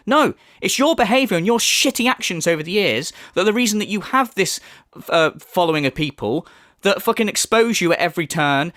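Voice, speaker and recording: A man's voice: sits high, fairly bright tone, dry recording, studio quality. A man hosting a reaction commentary, mocking and swearing with heavy sarcasm. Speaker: commentary channel host.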